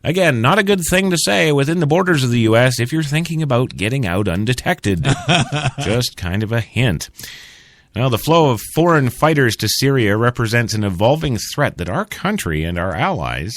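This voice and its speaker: A man's voice: medium pitch, expressive, normal speed, no echo. A man hosting a talk radio show, delivering blunt, profane commentary with stammering restarts and laughing at his own jokes.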